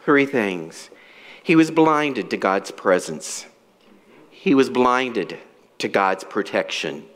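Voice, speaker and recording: Slow, lively-voiced preaching pastor, a man. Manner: dramatic storytelling, acts out quoted characters; slow, deliberate preaching with wide swings in pitch and loudness. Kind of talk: sermon.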